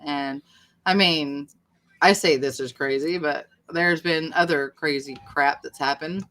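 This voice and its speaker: Slow, chatty woman hosting a stream. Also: deep voice, a bit bright. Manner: rambling, chatty, self-deprecating. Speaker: livestream host. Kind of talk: casual livestream chat.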